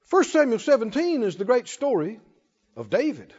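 In a dull, lo-fi recording from an echoey church hall, a man with a very high, sing-song voice and a darkish tone preaches at a normal speed. He tells the story folksily and humorously, laughing frequently.

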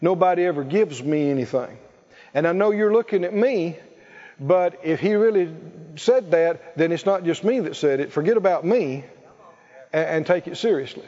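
A man's voice: high-pitched, normal speed, mellow, long reverb tail. A man preaching a sermon, leading the congregation in call-and-response and laughing between points. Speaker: pastor. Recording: muffled church recording.

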